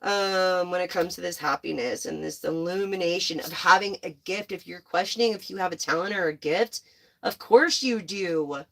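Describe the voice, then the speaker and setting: A young woman giving a casual, excitable tarot reading to her viewers, gushing and swearing freely. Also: lowish voice, a little fast, gravelly, hardly any pauses. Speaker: tarot reader.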